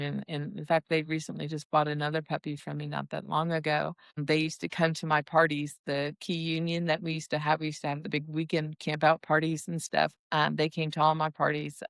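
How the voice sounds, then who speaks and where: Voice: medium pitch, vocal fry, fairly bright tone, clear, resonant tone, no echo. A dog breeder telling stories in a casual, rambling chat full of asides. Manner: chatty and rambling, with many restarts and asides.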